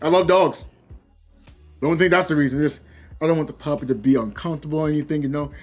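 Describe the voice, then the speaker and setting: A man's voice: fairly high pitch, quick pace, soft background music. A man streaming a game, chatting casually and rambling, acting out quoted voices of other people. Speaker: gaming livestreamer. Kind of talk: casual livestream chat.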